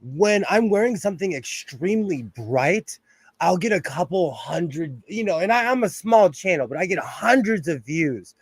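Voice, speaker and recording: A young adult man hosting a casual sewing livestream from home, talking into a phone set close by. His voice sits somewhat high and sounds dry, with no room around it. He rambles from one aside to the next and laughs often. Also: animated, moderate pace, husky, no room sound. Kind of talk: casual live-stream chat.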